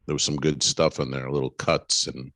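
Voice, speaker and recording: A male comedian co-hosting a podcast, a gruff, profane storyteller who exaggerates for laughs. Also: rumbling low, level tone, normal speed, fairly bright tone, dry recording. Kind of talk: casual comedy podcast banter.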